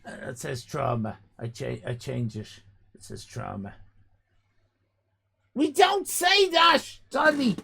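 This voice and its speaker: An Irish man in his fifties hosting a live stream, loud and exclaiming, swearing and joking as he reacts to chat. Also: medium pitch, sing-song, slow pace, creaky, pauses often, husky. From Ireland. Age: 50s. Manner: loud, exclaiming, swears and jokes, rambling restarts.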